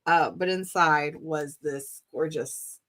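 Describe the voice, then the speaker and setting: A woman speaking as a guest on a live-streamed interview over a video call. Her voice sits a little low for a woman, and she tells her stories with excitable energy, acting out what everyone said. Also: slow. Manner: animated, excitable storyteller acting out dialogue.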